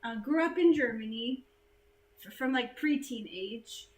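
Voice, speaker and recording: A woman from the United States hosting a casual livestream chat, chatty and animated, laughing easily. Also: on the high side, a little slow, rough recording.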